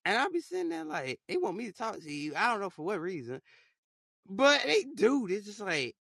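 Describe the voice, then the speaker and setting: A man's voice: high-pitched, wildly swooping pitch, a little fast, gravelly, fairly bright tone. A young man hosting a podcast in loose, casual chat, rambling in slang with lots of fillers. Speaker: podcast host.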